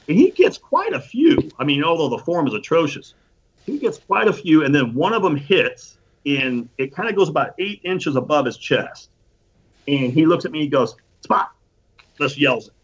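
A husky, slightly higher-pitched man spins a casual story, acting out what each person said and swearing freely. The recording sounds dull and lo-fi. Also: moderate pace. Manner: animated storytelling with profanity and acted-out quotes. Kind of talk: casual anecdote.

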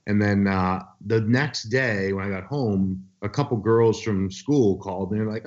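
A man's voice: lowish voice, normal speed, a little mellow. A man co-hosting a casual chat, telling rambling stories and swearing freely. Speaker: podcast co-host. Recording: dull lo-fi sound.

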